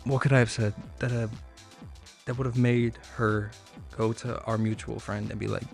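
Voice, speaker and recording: A man's voice: medium pitch, flat delivery, moderate pace, gravelly, soft background music. A young man telling a long, profane story to his chat. He rambles and piles up filler words, and he laughs at his own story.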